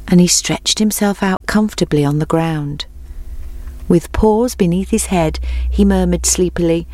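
A woman with a lowish voice reads a storybook aloud, measured and expressive. The recording is close and dry, with no room sound. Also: no room sound.

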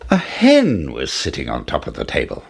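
A man reading a fairy tale aloud as a storyteller, in slow, expressive scripted storybook narration. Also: very deep voice, creaky, slightly rough.

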